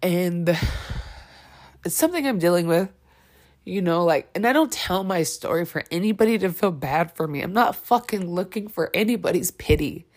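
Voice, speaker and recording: A woman's voice: lowish voice, expressive, moderate pace, darkish tone. A woman speaking on her podcast in a candid personal monologue. She is blunt and emphatic, swears often, and halts with many fillers and restarts. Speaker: podcast host.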